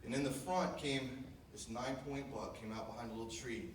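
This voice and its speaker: Delivering his father's memorial eulogy, a son spins a rambling, homespun story loaded with fillers at a slightly quick pace. His middle-pitched voice comes from far off in a reverberant room, over constant noise.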